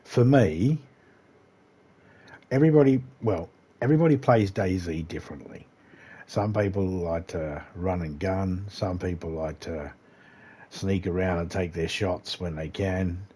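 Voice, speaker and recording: An unhurried man with a low, mellow, slightly rough voice and an Australian accent. He livestreams games and talks casually over the gameplay, rambling, relaxed, and dropping the occasional swear.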